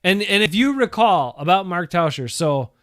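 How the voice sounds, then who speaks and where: A man's voice: high voice, animated, normal speed, a bit bright, no echo, studio quality. A man co-hosting a casual sports talk show, joking, swearing now and then and reading out viewer comments. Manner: joking, swears freely, reads out chat comments.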